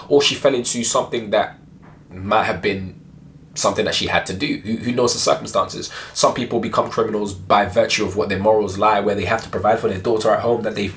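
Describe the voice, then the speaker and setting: A man's voice: on the low side, a bit bright, slight background noise. A young man giving earnest spoken commentary as a Christian video blogger, with many restarts and rhetorical questions.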